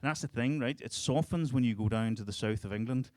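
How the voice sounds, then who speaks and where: A man's voice: mid-range voice, fast talker, a little mellow, dry recording. A man in his thirties with a strong Northern Irish accent, telling crude stories in a stand-up set on a club stage. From Northern Ireland. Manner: crude, storytelling, laughing through punchlines. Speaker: stand-up comedian.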